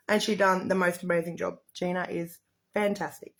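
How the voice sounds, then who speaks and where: A middle-aged woman hosts a casual makeup livestream, talking to the camera. She chats in a rambling, effusive way. Her voice sits at a middling pitch. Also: little pitch movement, fairly quick.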